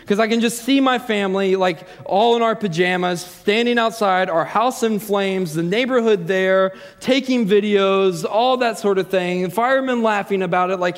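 Man in his thirties, higher-pitched, self-deprecating storyteller, long hall reverb. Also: moderate pace, hardly any pauses. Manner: self-deprecating, lots of fillers and restarts. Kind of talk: personal anecdote, casual storytelling.

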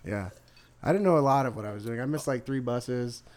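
A man with a mid-range voice chatting casually on a podcast. He is laid-back and agreeable, chiming in often with quick yeahs between longer thoughts. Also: medium pitch, darkish tone. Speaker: podcast guest. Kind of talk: casual chat.

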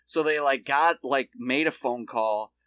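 A man's voice: mid-range voice, unhurried, a bit bright, clean tone, no room sound. Male podcast co-host, crude storyteller, dry close mic. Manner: rambling storyteller, swears, acts out quotes in shifting voices. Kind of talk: casual chat.

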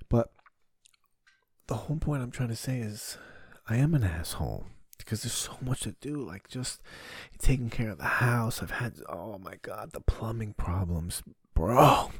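A man with a low, mellow voice rambles through a crude, profanity-laced story. The recording is dry and close, made in his home basement as a casual comic podcast monologue. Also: husky, dry recording. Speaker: podcast host.

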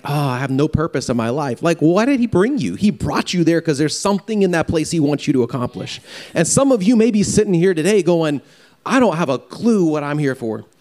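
A man preaching a farewell sermon in an earnest, halting way, often repeating words as he speaks. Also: on the high side, a little mellow. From Louisiana. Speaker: pastor.

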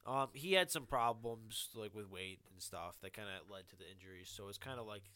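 A man's voice: fairly low pitch, a little fast, no echo. A man co-hosting a podcast, talking sports casually and quoting people in put-on voices, with lots of fillers. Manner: animated, quotes people in voices, many fillers. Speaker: podcast co-host.

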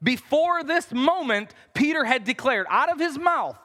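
A pastor preaching a conversational sermon in a church, acting out the quotes in voices. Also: male voice, extremely high pitch, animated, a little slow, sharp tone. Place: church sanctuary. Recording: reverberant church hall.

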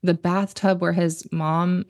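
A woman talks through a film as a guest on a casual podcast. Her voice sits low with a gravelly fry at the ends of phrases, and she is blunt, swears freely and laughs easily. The sound is dry and close, with no room around her. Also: level tone, slow, darkish tone, dry recording.

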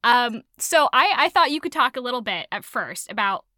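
Young woman, podcast host, giggly, rambling, animated pitch, slightly high, dry closet sound. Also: moderate pace, dry recording. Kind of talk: casual podcast chat. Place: small closet.

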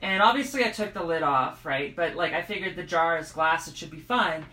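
A woman co-hosting a podcast in casual chat, telling stories in a chatty, animated way. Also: low-pitched, fairly quick, rough recording. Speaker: podcast co-host.

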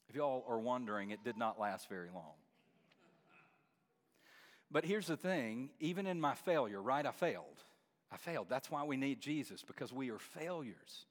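A pastor preaches with earnest conviction, doubling back on his words and then climbing to emphatic, forceful peaks. His voice sits a touch high for a man. The sound carries a long reverb tail from a big church hall. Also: animated, moderate pace. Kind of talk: sermon.

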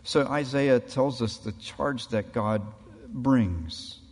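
A man's voice: medium pitch, takes it slowly, big-room sound. A man preaching a sermon, dramatically acting out the voices in the passages he quotes. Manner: dramatic, acts out quoted voices of God and people.

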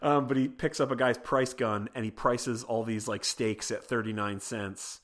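Brief: man on a film podcast, mid-pitched, rambling casual recap, amused, filler-heavy. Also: steady tone, moderate pace, fairly bright tone. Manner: rambling plot retelling full of "like" and "you know"; amused, laughs between sentences. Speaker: podcast panelist.

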